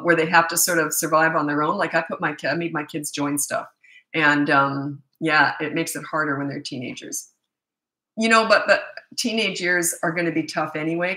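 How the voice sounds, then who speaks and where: A woman in her sixties hosts a live-stream Q&A as a parenting coach. Her voice sits fairly low but sounds bright and forceful. She talks in a chatty, candid way, wandering into asides, and her voice rings in a roomy, echoey space. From North America. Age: 60s. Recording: echoey room.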